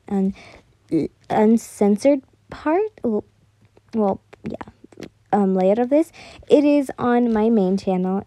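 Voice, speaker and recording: A woman narrates a second-person fan fiction story and then chats casually to her channel's listeners. Her voice is soft and mellow, and she often trips over words and restarts. The recording is dry and close. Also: mid-range voice, no room sound.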